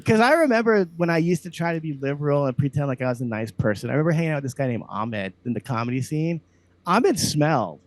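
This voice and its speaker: Comic host from Louisiana, profane heated ranter, fairly high and lively voice, dry close sound. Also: male voice, fast, dry recording. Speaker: comedian and podcast host. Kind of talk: casual podcast rant.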